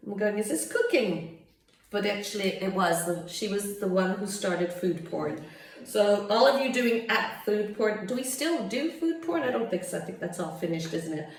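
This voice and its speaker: A medium-pitched woman from Canada, a home cook, laughs often while chatting casually and digressively through a cooking video in her home kitchen. The recording has a little hiss or hum, a very echoey room, and a distant mic.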